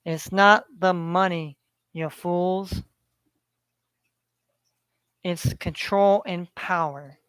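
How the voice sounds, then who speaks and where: A man's voice: high-pitched, steady tone, extremely slow, pauses often, fairly bright tone, smooth, no room sound. A man delivering a preachy, profanity-laden rant to his viewers, hammering points by repeating them. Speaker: vlogger. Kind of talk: ranting monologue.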